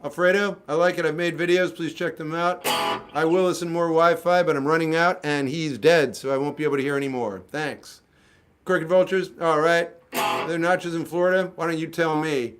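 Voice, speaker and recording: A man's voice: fairly high pitch, fairly even intonation, moderate pace, a bit bright, clean tone, soft background music. Offhand man chatting on a livestream. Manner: dry, offhand, jokey replies to comments. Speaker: livestreamer musician answering chat. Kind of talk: casual livestream chat.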